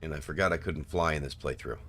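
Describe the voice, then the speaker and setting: A man with a very deep voice chats casually as he plays, pausing often with fillers. His delivery is loose and unscripted. A faint hiss sits behind him. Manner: relaxed, trailing off with fillers. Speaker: streamer playing a co-op game. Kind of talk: casual gameplay commentary.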